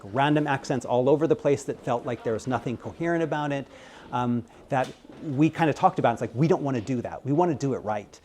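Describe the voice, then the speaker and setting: An American man talking through interview answers at an ordinary pitch. He rambles along with plenty of ums and likes, and keeps his delivery lively. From United States. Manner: rambling, filler-heavy, animated. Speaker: game localization director.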